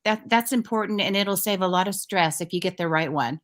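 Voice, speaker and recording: A woman as a talk show guest, explaining in a relaxed conversational way with everyday examples. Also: mid-range voice, fairly quick. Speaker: guest financial expert. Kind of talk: casual talk show chat.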